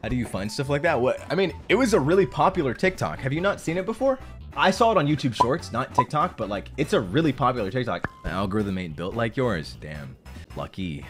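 A man's voice: mid-range voice, very animated, fairly quick, faint music behind. A young man streaming, chatting casually with laughter and casual swearing.

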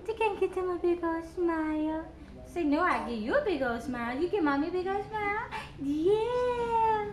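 A woman's voice: very high voice, moderate pace. A young woman vlogging at home, cooing baby talk to her infant son and chatting to her viewers. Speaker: vlogger and new mother. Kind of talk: casual home vlog. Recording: roomy echo, faint background noise.

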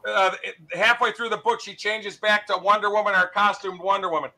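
A man with a high, very bright and forceful voice, pitching comic art for sale live. He talks in quick salesman patter and keeps repeating his prices. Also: steady tone, poor audio.

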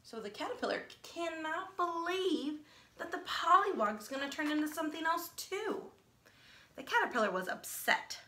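Animated woman teacher reading a storybook. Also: sits high, normal speed, creaky. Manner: animated, asks listeners questions. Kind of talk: children's read-aloud. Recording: echoey room.

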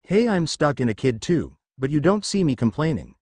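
A man's voice: on the high side, big pitch swings, normal speed, darkish tone, no room sound. A man voicing a bossy, exasperated male kaiju king in a fan story reading, lecturing his fellow monster. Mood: scolding.

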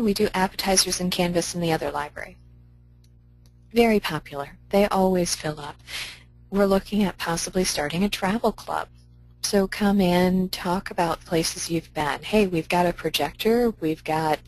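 A woman's voice: fairly low pitch, moderate pace, rough recording. Woman library director giving a talk. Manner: upbeat, conversational, practical advice. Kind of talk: conference presentation.

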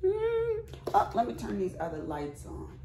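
A woman's voice: a little high, wildly swooping pitch, measured pace, mellow, a little hiss or hum. A middle-aged woman, chatting casually to viewers in a craft haul vlog at home, folksy and chatty. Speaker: crafting vlogger. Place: at home, bedroom.

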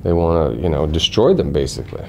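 A man's voice: extremely low pitch, big pitch swings, fast talker, creaky, warm tone, muffled recording, slight background noise. A man being interviewed as an actor, teasing and wry, laughing easily. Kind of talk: joking interview.

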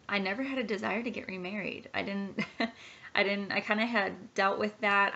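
A woman's voice: mid-range voice, gravelly, a bit bright. A woman in her thirties giving an earnest, heartfelt personal testimony in a home vlog. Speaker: Christian sharing her testimony. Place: home nursery. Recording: dull lo-fi recording.

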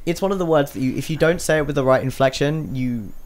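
A man co-hosting a radio chat show, lively and opinionated, quick to laugh and to launch into a rant. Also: fairly high pitch, slight background noise. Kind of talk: casual studio chat.

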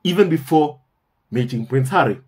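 A man's voice: on the high side, animated, normal speed, darkish tone, husky. A man hosting a commentary channel, talking in a casual monologue, emphatic and repeating phrases for stress, often calling his viewers "my family".

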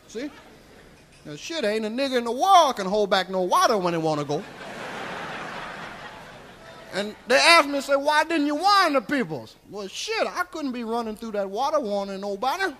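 A comedian playing a crude, rambling old Southern storyteller with a Southern US accent, drawling folksy tales on a live stand-up stage. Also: male voice, very high-pitched, big pitch swings, normal speed, bright, forceful tone, exaggerated voice. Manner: drawling, folksy, keeps tagging lines with "see?". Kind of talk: live stand-up character monologue.

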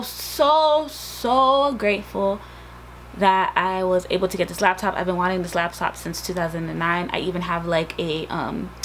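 A woman vlogging with breathless excitement, repeating herself as she talks. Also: on the low side, slight background noise, low-quality recording. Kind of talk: casual vlog.

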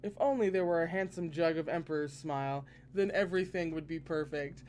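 A man's voice: a little high, fairly quick, hardly any pauses, slight background noise. Man reading a novel aloud. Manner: expressive, breaks in with excited asides. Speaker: podcast reader.

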